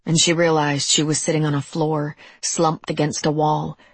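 A narrator reading a dark fantasy audiobook in a measured, even, dramatic way. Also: medium pitch, husky, no echo.

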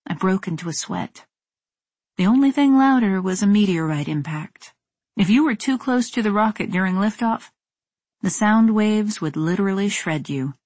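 A woman reading a first-person story in a measured, tense narrating voice. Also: medium pitch, animated, darkish tone, dry recording. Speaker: audiobook narrator.

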